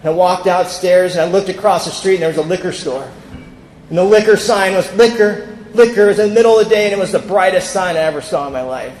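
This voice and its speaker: A man's voice: high-pitched, fast talker, darkish tone, slight background noise. Candid man sharing his recovery story in an echoey hall. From California. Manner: candid storytelling, acts out quoted voices. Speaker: recovery speaker. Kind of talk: personal recovery talk at a convention. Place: large convention hall. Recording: echoey hall with long reverb.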